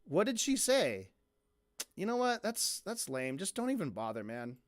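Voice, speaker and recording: A man giving sarcastic, profane commentary as a streamer reacting to a video, with lots of halting restarts. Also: high-pitched, wildly swooping pitch. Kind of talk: casual commentary.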